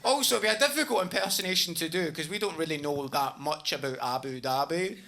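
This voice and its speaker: A man's voice: on the high side, quick pace, bright, forceful tone. A man doing stand-up on a club stage, telling a self-mocking story in a chatty way and acting out the people in it. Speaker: stand-up comedian. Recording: live club recording with noise.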